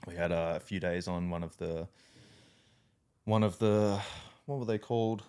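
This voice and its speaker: A man's voice: sits low, moderate pace, a little mellow, clear, resonant tone. An Australian man and army veteran telling a story in casual podcast chat, profane and laughing often.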